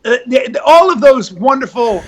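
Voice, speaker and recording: A man as a guest comedian in casual podcast chat, animated and full of stammering restarts. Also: extremely high pitch, normal speed, slight background noise.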